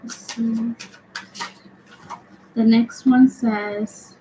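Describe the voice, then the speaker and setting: A woman's voice: on the high side, steady tone, extremely slow, mellow, slight background noise, rough recording. A young woman hosting a live tarot stream, chatty and laughing often as she answers viewers. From United States. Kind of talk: casual live-stream chat.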